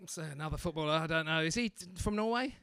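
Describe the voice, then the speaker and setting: A man working as the MC at a stand-up comedy night, bantering loudly with the crowd and mocking himself. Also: fairly high pitch, fast talker. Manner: loud, swearing, self-mocking banter. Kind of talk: crowd work between acts. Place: comedy club.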